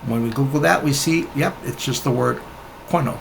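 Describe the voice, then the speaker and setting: A man's voice: medium pitch, normal speed, gravelly, a little hiss or hum. A man giving rebuttal commentary on a Bible teaching video, argumentative and scoffing, often talking straight at the other teacher.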